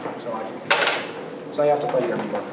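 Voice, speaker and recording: A man's voice: medium pitch, moderate pace, heavy background noise. Chatty man teaching, echoey distant room. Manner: chatty, laughs between points. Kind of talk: casual classroom lecture.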